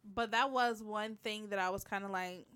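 A middle-aged woman co-hosting a casual chat, animated and laughing as she tells stories. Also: medium pitch, moderate pace, smooth.

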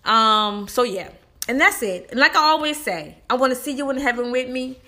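A woman's voice: high voice, animated, moderate pace, bright, forceful tone. A young adult woman hosting a podcast, delivering a heated, preachy monologue aimed straight at the men listening. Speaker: podcast host. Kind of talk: opinionated monologue.

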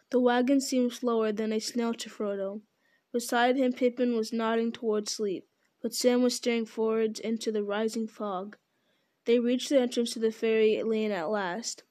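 A woman reading a novel aloud, her voice sitting a little high. She keeps a steady, unpolished pace and stumbles now and then, correcting herself before going on. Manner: steady, unpolished, with small slips.

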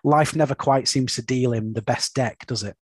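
This young adult or middle-aged father hosts a casual comics review podcast, speaking at normal speed in a mid-range, slightly rough voice. He often caps his points with tag questions such as "isn't it?"

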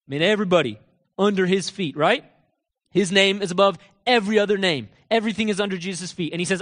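High-voiced preacher in a reverberant hall. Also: male voice, fast talker. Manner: emphatic, rhetorical questions, drops to quiet asides. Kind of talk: sermon. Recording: long reverb of a large hall.

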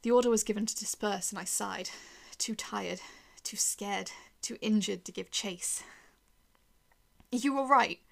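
A woman reads a first-person horror story aloud, tense and dramatic, sometimes sinking to a whisper. Her mid-range voice has a gravelly fry. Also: mid-range voice, steady tone, moderate pace.

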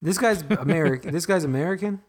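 Rambling young man on a podcast. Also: a little high. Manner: rambling, self-deprecating, halting restarts. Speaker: podcast co-host. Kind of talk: casual podcast chat.

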